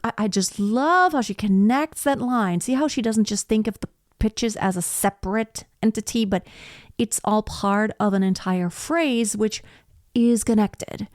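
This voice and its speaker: A woman's voice: medium pitch, unhurried, darkish tone, dry recording, faint music behind. Admiring vocal coach woman, dry close sound. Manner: admiring, explanatory. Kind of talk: reaction commentary.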